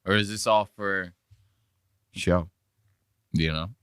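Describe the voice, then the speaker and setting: A man's voice: low voice, steady tone, slow, fairly bright tone, clean tone, no echo, clean studio sound. A man hosting a podcast, chatting in a rambling, joking and profane way. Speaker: podcast host. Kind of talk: casual podcast commentary.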